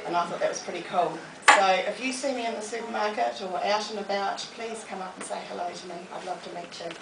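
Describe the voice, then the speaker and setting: A woman, giving a lively, humorous motivational talk to a live audience in a library. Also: medium pitch, fast talker, vocal fry. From New Zealand. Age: 40s. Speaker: motivational speaker. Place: public library hall. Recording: echoey room, distant mic, noisy.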